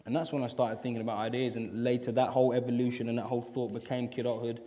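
A man, chatting with a host in front of a live audience, animated and acting out the voices in his stories. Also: mid-range voice, fast. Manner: animated storyteller, acts out quotes, laughs often. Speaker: actor and filmmaker, festival guest. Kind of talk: casual live-audience conversation. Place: festival event hall. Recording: reverberant hall.

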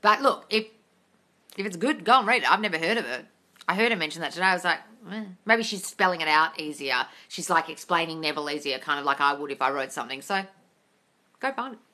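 Woman, non-native English accent, blunt and sweary, bright forceful tone, casual live-stream chat, slightly stuffy nose. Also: deep voice, expressive, fast. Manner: blunt, sweary, calls viewers darling. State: runny nose from the cold. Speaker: manifestation coach answering live comments. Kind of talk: casual live-stream Q&A, reading comments aloud. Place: large open room in a house. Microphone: phone livestream.

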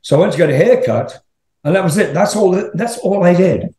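A man's voice: sits high, expressive, fairly quick, dark tone, echoey room. Older man telling rambling rock anecdotes. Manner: rambling, laughing, swearing anecdotes. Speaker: interview guest, rock singer. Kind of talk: casual storytelling.

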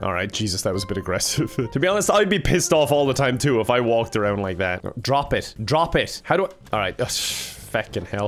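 A young man giving excitable, exasperated let's-play commentary, swearing and laughing often. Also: mid-range voice, brisk, few pauses, soft background music. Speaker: gaming YouTuber.

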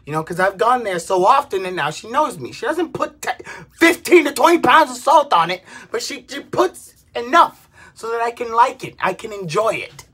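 A woman in her twenties rants to camera with comic exasperation, swearing freely and breaking into shouts. Her voice is high and has a breathy, husky edge. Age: 20s. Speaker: vlogger. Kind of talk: comedic rant to camera.

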